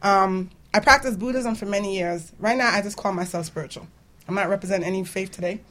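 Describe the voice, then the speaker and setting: A woman hosts a casual radio talk show, her delivery animated and chatty. She laughs often and keeps a relaxed, talkative flow into the studio mic. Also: medium pitch, quick pace.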